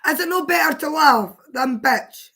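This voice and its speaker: A high-pitched woman chatting on a casual livestream. She keeps breaking into giggles and trying to hold them back, and her voice has gone hoarse from all the laughing. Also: moderate pace, pushed and bright. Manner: giggly, fighting fits of laughter. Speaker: livestream host. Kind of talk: casual live chat.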